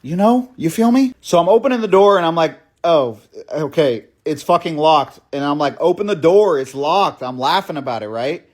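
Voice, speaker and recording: A young man telling a story in a casual, profane way, often asking "right?" and calling the listener "bro". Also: on the high side. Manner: fast, breathless storytelling with many restarts. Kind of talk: storytime monologue.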